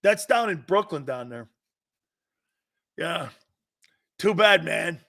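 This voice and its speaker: Bright, high-voiced animated male host. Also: vocal fry. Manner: animated storytelling, quick mob-movie impressions, laughs often. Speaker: sports talk show host. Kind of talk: casual chat.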